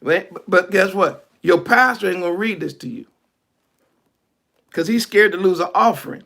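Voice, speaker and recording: Fiery high-voiced preacher, gravelly. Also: male voice, moderate pace, a bit bright. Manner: fiery, colloquial, preachy, scripture-quoting. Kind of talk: online sermon.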